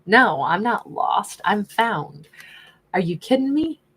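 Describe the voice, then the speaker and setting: A woman's voice: fairly low pitch, a little slow. A woman acting out a sassy, self-assured woman who refuses to be kept secret, speaking brashly and defiantly. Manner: brash and defiant, with big emphatic questions.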